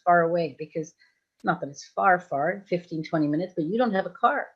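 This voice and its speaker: A woman's voice: fairly low pitch, a little fast, husky. A woman in her sixties from Belgium, a hypnosis trainer chatting casually on a livestream, rambling and often laughing. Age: 60s. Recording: dull lo-fi livestream audio.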